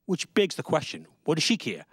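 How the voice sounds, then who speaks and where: A man's voice: fairly high pitch, huge pitch swings, fairly quick, breathy edge, no echo. A man doing a rambling, sarcastic stand-up comedy routine, acting out the people he quotes. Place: small studio.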